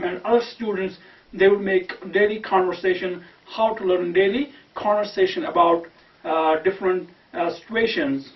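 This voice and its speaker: A man with a Kashmiri accent teaching pronunciation, repeating words slowly with many fillers. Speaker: language teacher. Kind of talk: explaining pronunciation, word lists. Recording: roomy, distant, dull low-quality mic.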